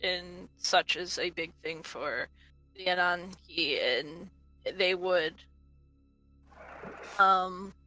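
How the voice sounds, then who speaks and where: A woman's voice: lowish voice, fairly even intonation, extremely slow, pauses often, sharp tone, faint music behind, poor audio. A woman game master chatting casually through a game planning session, rambling with lots of fillers.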